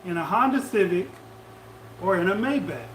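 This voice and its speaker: A high-voiced man co-hosts a live podcast stream, calling out viewers' comments and hyping up the audience. His voice bounces around an echoey room with faint ambience. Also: expressive, normal speed, fairly bright tone, slight background noise. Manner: hypes up listeners, reads out comments. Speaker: podcast co-host. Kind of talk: casual live-stream chat.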